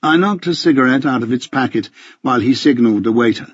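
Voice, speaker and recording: A man's voice: medium pitch, lively intonation, quick pace, no echo, muffled recording. A man narrating a first-person audiobook with a dry, wry, understated delivery.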